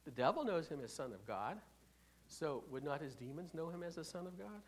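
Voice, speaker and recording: A preacher delivering a sermon in a mid-pitched voice. The delivery is emphatic, with rhetorical questions thrown to the congregation. It swings between loud stresses and quiet asides, with frequent restarts while reading scripture. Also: expressive, brisk, a little hiss or hum.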